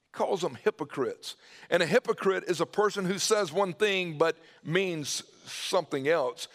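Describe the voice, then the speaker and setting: Preaching man with swinging pitch. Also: normal speed, a bit bright. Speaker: pastor. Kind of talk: sermon.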